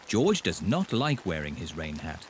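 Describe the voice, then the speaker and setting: A man narrating a children's cartoon in a calm, plain storybook manner. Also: low-pitched, unhurried, loud music behind the voice.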